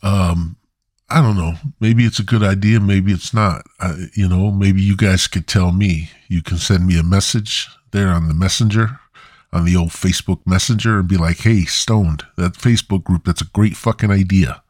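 A man with a very low voice hosts his own podcast alone. He rambles crudely, jokes and restarts his sentences, recorded dry and close to the mic. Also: fairly even intonation, moderate pace, a little mellow, dry recording. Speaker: podcast host. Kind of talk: rambling solo podcast monologue.

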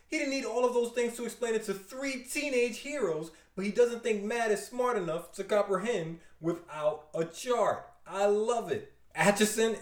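A man recapping and reviewing a comic book issue with enthusiasm and wry asides. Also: sits high. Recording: roomy echo.

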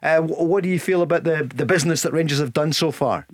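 A man's voice: fairly high pitch, quick pace, dry recording. Chatty male radio host, dry studio. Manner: chatty, laughs easily, leads the conversation. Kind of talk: radio phone-in hosting. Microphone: studio mic.

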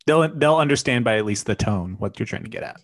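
A man co-hosting a relaxed comedy advice podcast in an easygoing, agreeable way. He teases his co-host playfully and hands out loose advice. His voice sits at an ordinary middle pitch for a man. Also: quick pace, no echo. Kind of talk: casual comedic advice chat.

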